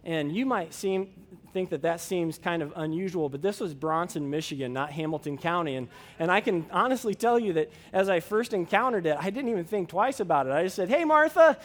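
Guy preaching a sermon, chatty story w lots of uh's, high voice, big echoey church. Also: animated, fairly quick. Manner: folksy storytelling with many fillers. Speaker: pastor.

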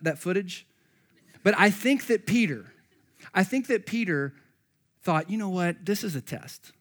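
A man preaching a sermon, reading scripture and acting out the voices of the people in the story. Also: a little high. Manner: animated, acts out voices of Bible figures. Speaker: pastor.

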